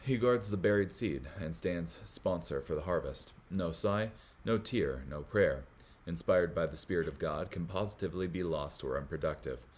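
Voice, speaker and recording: Guy with a really deep voice reading bible commentary, steady pace, fixes his little slips. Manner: measured reading with small slips and self-corrections. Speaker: Bible study host.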